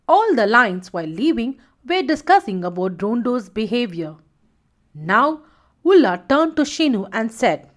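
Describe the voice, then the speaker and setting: A woman's voice: a little high, sing-song, unhurried. A woman narrating a children's animal story and giving every character a voice of her own.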